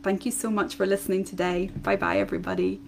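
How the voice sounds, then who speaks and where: A woman's voice: mid-range voice, little pitch movement, fast, vocal fry, darkish tone, slight background noise. A woman hosting her own parenting podcast, talking alone in a chatty way with many fillers and restarts. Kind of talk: solo podcast talk.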